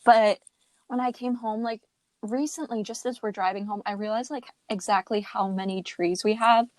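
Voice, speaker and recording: A woman's voice: mid-range voice, steady tone, moderate pace, a little mellow, no room sound. A young woman co-hosting a podcast, easygoing and self-deprecating, telling stories in casual chat. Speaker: podcast co-host.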